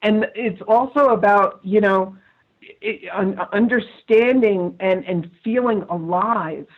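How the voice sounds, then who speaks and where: An earnest, affirming woman guest talking on an interview. Her voice is breathy and husky. It comes through a tinny, narrow phone line. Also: medium pitch, slow pace. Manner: earnest, affirming, repeats herself. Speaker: guest, psychic medium and coach. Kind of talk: enthusiastic interview talk.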